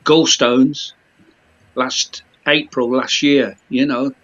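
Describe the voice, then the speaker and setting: A man in a casual livestream chat, unhurried to the point of dragging, speaking at an ordinary middle pitch. His talk wanders and he leans on "you know" constantly. The audio comes through a dull, lo-fi video call. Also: fairly even intonation, a bit bright.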